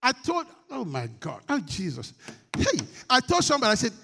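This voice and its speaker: A man preaching a sermon to his church, moving between loud, shouted declarations and quieter call-and-response where he prompts the congregation to answer. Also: huge pitch swings, a little fast. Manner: swings from shouted exhortation to low coaxing call-and-response.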